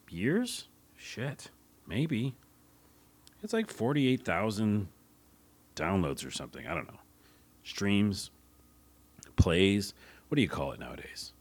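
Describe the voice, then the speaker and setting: A young man talks alone into his podcast mic with a very deep voice. He rambles loosely from one thought to the next, swearing offhandedly in a relaxed, chatty way. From United States. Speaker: podcast host. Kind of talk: casual solo podcast talk.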